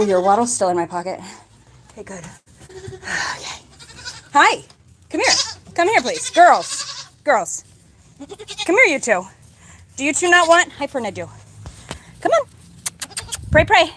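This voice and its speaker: Goats bleat as a woman vlogs outdoors from her farm, casually sweet-talking her animals in a sing-song voice. Her voice is high-pitched and a bit bright, with a little hiss or hum on the recording.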